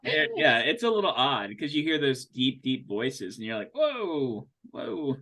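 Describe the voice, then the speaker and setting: A man from Ohio chatting on a podcast, telling animated stories with goofy impressions. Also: medium pitch, normal speed. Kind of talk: casual chat.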